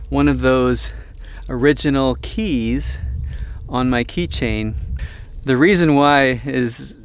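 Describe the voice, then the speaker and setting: A man hosting an RV do-it-yourself vlog, telling a story in a chatty, relaxed way. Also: medium pitch, clean tone. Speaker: RV DIY channel host.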